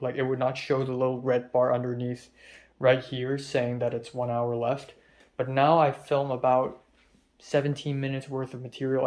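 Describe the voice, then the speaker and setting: A tired young man rambling and swearing in a soft-spoken confessional vlog about his stress. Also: mid-range voice. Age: young adult. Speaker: vlogger. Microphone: phone camera.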